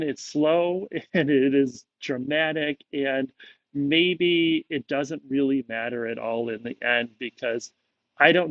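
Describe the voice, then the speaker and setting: A man's voice: medium pitch, creaky, no room sound, dull audio. A man giving a casual, conversational movie reaction, musing aloud with frequent fillers. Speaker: movie reviewer.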